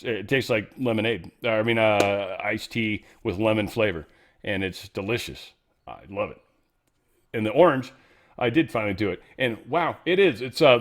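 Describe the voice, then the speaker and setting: A middle-aged man with a fairly low voice hosts a loose talk show. He rambles, slips into sarcasm and keeps stumbling and restarting his sentences as he mixes opinion with a product pitch. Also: fairly bright tone. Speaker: host.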